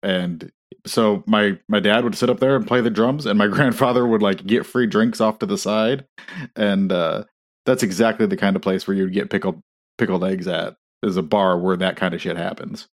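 A man's voice: lowish voice, fairly even intonation, normal speed. A man from Indiana telling a rambling family anecdote on a casual podcast, laughing mid-sentence. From Indiana, USA.

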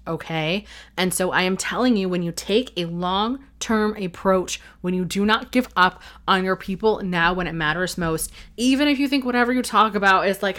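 On her solo email-marketing podcast, a woman with a fairly low, fairly bright voice speaks at normal speed. She's candid and emotional about her business, rambling earnestly.

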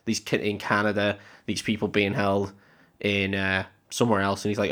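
A man's voice: fairly low pitch, level tone, moderate pace, fairly bright tone. A young man co-hosting a podcast, animatedly retelling a film and acting out its lines. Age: young adult. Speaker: podcast co-host. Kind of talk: casual film-recap chat.

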